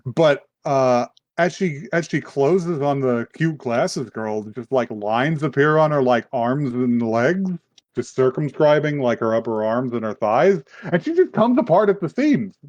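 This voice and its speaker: A man co-hosting a podcast, casually recapping a story with lively asides and swearing, acting out characters' lines. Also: medium pitch, measured pace, no room sound. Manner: animated retelling, swears, acts out characters' lines. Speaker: podcast co-host. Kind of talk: casual chat recapping a horror anime.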